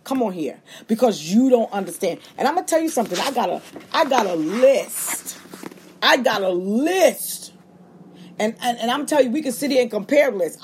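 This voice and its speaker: A woman preaching a sermon on a livestream with fervent call-and-response delivery and quick acted-out asides, speaking. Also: fairly high pitch, a little mellow, breathy edge. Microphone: livestream feed.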